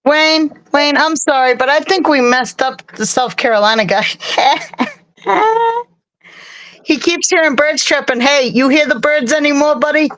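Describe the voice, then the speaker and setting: A woman's voice: high-pitched, measured pace, fairly bright tone, no room sound, low-quality recording. A woman hosting a casual live stream from her bedroom by an open window, chatty and rambling, laughing often.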